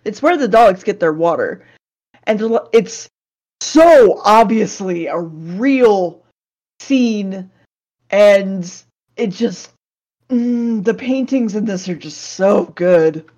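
A woman's voice: mid-range voice, expressive, slow, darkish tone. A woman co-hosting a podcast, recapping an old television episode in a casual, sarcastic way, swearing and laughing often.

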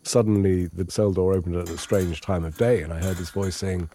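An English man recounting a long ordeal in measured, understated, wry first-person testimony. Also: low voice, fairly even intonation, mellow, slight background noise. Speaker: interviewee recounting his captivity.

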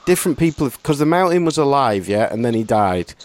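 A man's voice: mid-range voice, very animated, fast talker, a little mellow. A Welsh man on a podcast, telling a wry, self-mocking anecdote in casual chat. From Wales. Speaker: podcast co-host.

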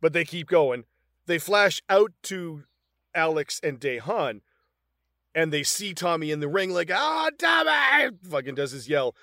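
A man's voice: a little high, measured pace, a bit bright, dry recording, studio quality. A man in his fifties in casual chat, laughing often and acting out movie lines as he talks. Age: 50s. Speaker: podcast co-host.

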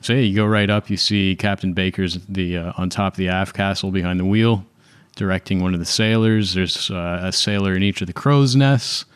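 A man narrating as game master in a tabletop game, relaxed and unhurried, with frequent fillers. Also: low-pitched, smooth.

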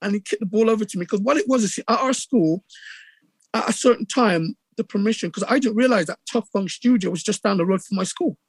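A middle-aged man with a Bristol accent, telling stories in a casual interview with lively acted-out quotes and many restarts. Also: sits high, fairly quick, husky, dry recording. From England. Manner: animated storyteller, acts out quotes, many restarts. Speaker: radio DJ guest.

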